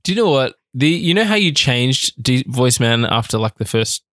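A male co-host in easygoing podcast chat, teasing his partner in a dry way. His voice has an ordinary middle pitch. The recording is dry and close, with no echo. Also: very animated, normal speed, a bit bright. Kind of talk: casual chat.

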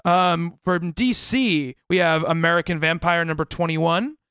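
A man's voice: on the high side, fairly even intonation, a little slow, a bit bright, clean tone, no echo. A man co-hosting a casual podcast chat, reading off a release list and laughing often. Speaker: podcast co-host.

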